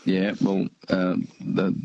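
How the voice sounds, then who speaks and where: An older man calling in to a radio show, chatting in a halting way with many fillers. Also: deep voice, completely flat delivery, a little mellow, highs cut off. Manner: hesitant, halting, lots of uh fillers. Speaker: radio caller. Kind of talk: casual chat.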